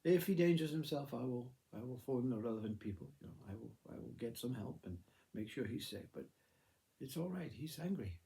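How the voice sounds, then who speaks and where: A man voicing a calm, unbothered mother who brushes off her children's worries with soothing patience. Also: mid-range voice, a little fast, vocal fry.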